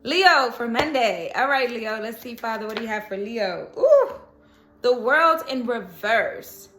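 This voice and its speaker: A woman's voice: on the high side, normal speed, a bit bright, roomy sound, faint music behind. Chatty, laughing woman tarot reader. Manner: chatty, laughs often, encouraging. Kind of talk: casual tarot reading.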